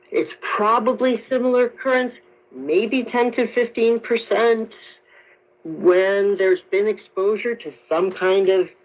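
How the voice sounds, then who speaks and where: A woman doctor speaks slowly and carefully, explaining each point to radio callers. Her voice comes through a thin, tinny broadcast signal with little low end. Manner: measured, explanatory. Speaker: doctor guest. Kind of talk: radio call-in interview.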